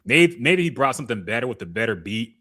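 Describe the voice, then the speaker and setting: A man co-hosting a podcast, giving relaxed, opinionated takes on music in casual chat and laughing often. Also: medium pitch, fast. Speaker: podcast co-host.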